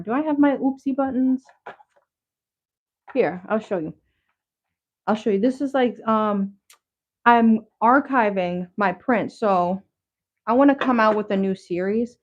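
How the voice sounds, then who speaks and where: Chatty woman on a lo-fi livestream. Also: mid-range voice. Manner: chatty and rambling, many fillers and restarts; casual slang, talks straight to viewers. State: a little out of breath. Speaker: livestream host showing handmade crafts. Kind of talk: casual livestream chat. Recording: slightly dull lo-fi stream audio.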